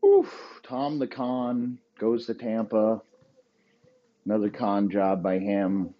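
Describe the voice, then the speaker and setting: A man's voice: lowish voice, level tone, slow, highs cut off. A man hosting a podcast, ranting in crude, rambling riffs and laughing at his own jokes. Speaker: podcast host. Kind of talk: profane comedic rant.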